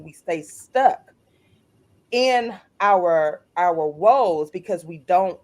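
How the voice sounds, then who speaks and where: A middle-aged woman, an author guest co-hosting a podcast, telling a personal story in an earnest, animated way and acting out other people's lines. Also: fairly low pitch. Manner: earnest, animated, retells scenes in voices.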